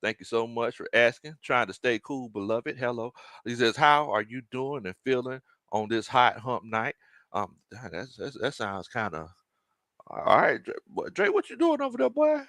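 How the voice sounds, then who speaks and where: A man hosting a casual sports live stream, reading viewer comments aloud, animated and laughing often. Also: mid-range voice, a little slow, no echo. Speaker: sports show host.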